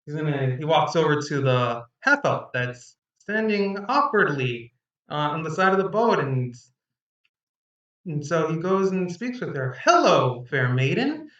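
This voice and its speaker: A man's voice: fairly high pitch, lively intonation, unhurried, a bit bright, far from the mic, dull audio. Rambling game master man in an echoey room. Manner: rambling, hesitant narration. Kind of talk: narrating a tabletop game.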